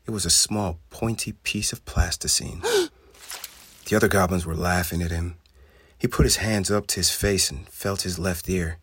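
Deep-voiced man reading a storybook. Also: fairly bright tone, slightly rough, no echo.

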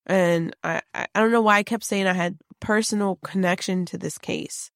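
A woman's voice: mid-range voice, fairly even intonation, moderate pace, hardly any pauses, clear, resonant tone, no room sound, studio quality. A woman, a psychic on a paranormal team, recounting a vivid dream in casual chat, rambling with many fillers and restarts.

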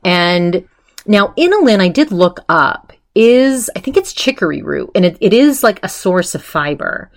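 A woman's voice: medium pitch, sing-song, measured pace. A woman hosting a podcast, chatting casually as she retells a story, full of fillers and quoted voices. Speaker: podcast host.

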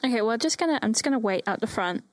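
A woman with a fairly high voice plays a fussy, matter-of-fact character at the gaming table. She talks briskly, and the recording is dry and close. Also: lively intonation, dry recording. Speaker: player voicing an older lady. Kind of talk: in-character role-play.

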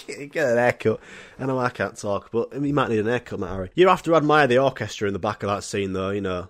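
A man's voice: fairly low pitch, lively intonation, fairly quick, fairly bright tone. A young man, hosting a solo comedy podcast in a rambling, jokey, sweary way. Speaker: podcast host.

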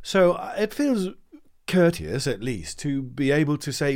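A man's voice: fairly high pitch, very animated, a little slow, darkish tone. A man explaining ideas in a casual conversation as a voice coach, with frequent stammered restarts.

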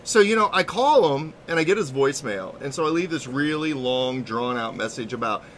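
A man co-hosting a podcast, telling a story in casual, profane, animated chat. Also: medium pitch, normal speed, slight background noise. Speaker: podcast co-host.

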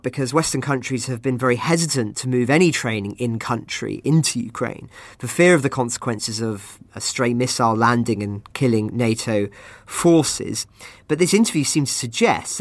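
A man with a British accent hosting a news podcast, giving a measured, partly scripted summary before passing questions on. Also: medium pitch, no echo. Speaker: podcast host.

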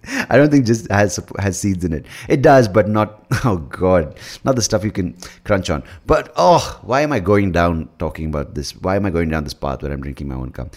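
Solo podcast host, extremely low voice, profane self-mocking ramble. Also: male voice, expressive, moderate pace. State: hungover. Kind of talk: casual solo monologue.

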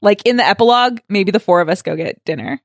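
A young woman co-hosting a podcast in casual chat, enthusiastic and quick with asides, laughing often. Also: mid-range voice, expressive, dry recording, clean studio sound. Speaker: podcast co-host.

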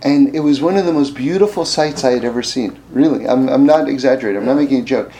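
A man telling a personal story with a lesson in a casual, animated way, full of fillers and restarts, rising high and loud when he makes his point. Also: quick pace, slight background noise.

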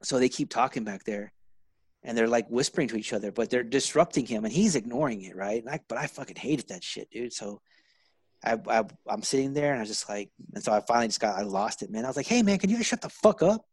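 A man telling stories in a loose, casual chat. He is profane and animated and keeps jumping into other people's voices. The room sounds dry and close. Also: mid-range voice, quick pace, slightly rough, no echo. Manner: profane, animated, acts out quotes.

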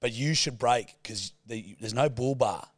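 A man's voice: mid-range voice, measured pace, no room sound. An Australian man co-hosting a podcast, trading blunt, sweary banter. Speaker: podcast co-host. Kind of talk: casual chat.

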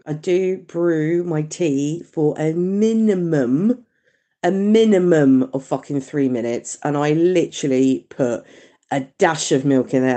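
A woman's voice: deep voice, mellow. A woman leaving a chatty, sweary, cheerful voice message for a podcast. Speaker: caller. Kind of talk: recorded voice message.

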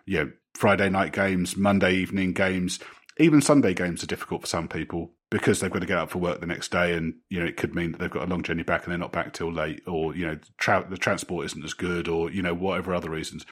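A man's voice: sits low, slightly rough. A man co-hosting a casual football podcast, rambling with lots of "you know" and restarts. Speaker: podcast co-host.

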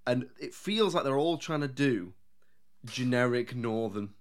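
A man's voice: medium pitch, animated, a little slow. A man, a podcast co-host chatting casually about a film, laughing often and slipping into mocking impressions.

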